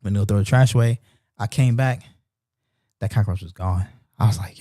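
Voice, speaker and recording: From his apartment in Japan, the Baltimore-born host of a Bible reading stream spins a casual story, animated and full of loose slang and restarts. His voice is on the low side and fairly quick, recorded at studio quality with no echo.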